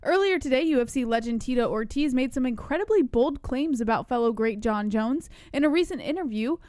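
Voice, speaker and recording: A woman's voice: sits high, lively intonation, fairly quick, a little mellow, no echo. A woman co-hosting a news show, reluctant and dryly amused, reading headlines. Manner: dry, reluctant, giggly. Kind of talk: casual chat and news reading.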